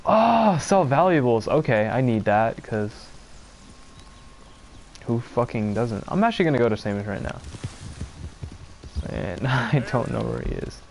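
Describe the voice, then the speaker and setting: This young streamer from Pennsylvania has a mid-range, slightly mellow, gravelly voice and a measured pace broken by long pauses. Over his gameplay he chats casually and profanely, frequently exasperated and rambling, with a little hiss or hum in the audio.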